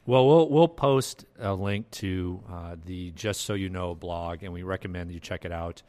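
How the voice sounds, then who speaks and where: A man hosting a casual podcast chat, animated and quick to laugh. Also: low-pitched. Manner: animated, quick to laugh and jump into put-on voices. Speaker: podcast host.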